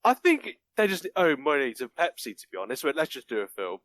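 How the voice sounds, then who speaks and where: A man's voice: fairly high pitch, wildly swooping pitch, fairly quick, a bit bright. A man chatting casually on a podcast, laughing often and acting out movie lines in mock voices. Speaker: podcast guest reviewing a film. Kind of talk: casual chat.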